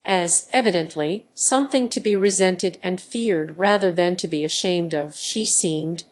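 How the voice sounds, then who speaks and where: A woman narrating a classic novel as an audiobook in a measured, even reading. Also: fairly low pitch. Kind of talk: scripted narration.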